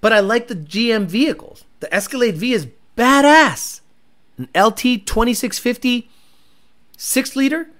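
A man hosting a casual livestream about cars, reading viewer comments aloud and answering them bluntly, with a profane streak and excited bursts over engines. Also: extremely high pitch, normal speed. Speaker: automotive channel host.

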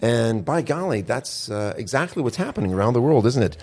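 A man's voice: mid-range voice, big pitch swings, brisk, darkish tone, husky. A man hosting a casual news talk show, rambling and restarting his words. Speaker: show host.

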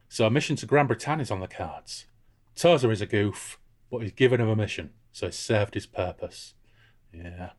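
A man hosting a casual book discussion podcast, irreverent and jokey. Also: fairly low pitch. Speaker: podcast host.

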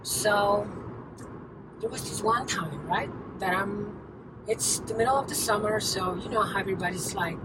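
A woman's voice: medium pitch, normal speed. Woman, casual rambling storyteller, lots of filler words, talking in a car, distant mic, noisy street background. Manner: chatty, rambling, heavy use of "like" and restarts. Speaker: host telling a personal story. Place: inside a car.

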